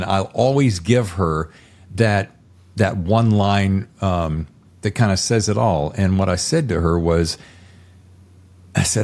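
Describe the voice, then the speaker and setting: A man's voice: low-pitched, lively intonation, takes it slowly, pauses often, a little mellow. A man hosting a podcast interview, talking in an enthusiastic, rambling way. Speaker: podcast host. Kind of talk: casual interview chat.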